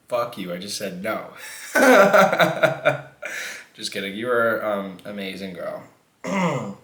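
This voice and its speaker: In an echoey room, a man tells a casual story while eating for his mukbang vlog, rambling, cursing and laughing frequently. His voice is fairly low in pitch with a fairly bright tone.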